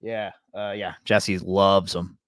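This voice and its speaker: Low-voiced man, laid-back sports chat. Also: takes it slowly, no echo, clean studio sound. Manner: relaxed, rambling, many fillers. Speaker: sports podcast co-host and radio reporter. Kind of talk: casual chat.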